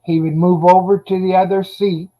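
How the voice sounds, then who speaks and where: A man's voice: high-pitched, flat delivery, moderate pace, highs cut off. A man in casual chat, telling dog stories in a laid-back, profane way.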